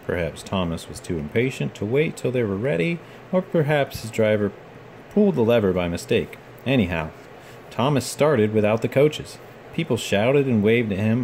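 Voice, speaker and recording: Low-voiced man reading a children's book. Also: a little mellow, slight background noise. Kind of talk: reading a picture book aloud.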